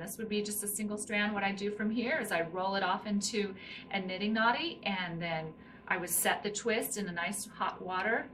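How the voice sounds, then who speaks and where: A woman's voice: medium pitch, fairly bright tone. A middle-aged woman teaching hand spinning, explaining each step while she demonstrates with her hands. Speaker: spinning instructor. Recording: slightly distant mic with faint room noise.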